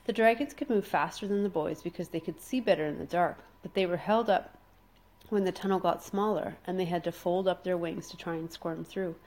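A woman reading a children's adventure story aloud, dramatic and slowing down for suspense. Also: fairly low pitch, darkish tone. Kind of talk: expressive storybook read-aloud.

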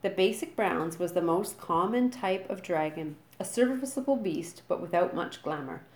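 Woman narrator, storybook reading, expressive, lowish voice, echoey room. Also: moderate pace, few pauses. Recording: roomy echo.

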